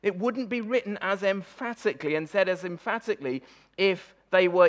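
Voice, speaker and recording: A man preaching a conversational sermon, emphatic and animated, often stumbling and repeating words as he goes. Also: sits high, normal speed. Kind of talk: conversational sermon on a Bible passage.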